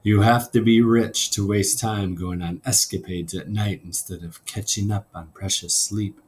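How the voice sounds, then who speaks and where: A man, a teacher, reads a novel aloud to his class at an unhurried storytelling pace, voicing the characters' lines, then gives a class assignment. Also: on the low side, fairly even intonation, a little mellow, a little hiss or hum.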